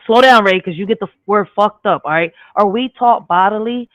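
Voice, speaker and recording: A man with a Spanglish accent and a fairly high voice hosts a casual live stream. He speaks in short, punchy phrases and keeps checking in with the viewers. The sound is tinny and dry, like it came down a phone line. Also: a little fast, hardly any pauses, a bit bright, no room sound. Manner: peppers talk with "all right?" and "real shit". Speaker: livestream host.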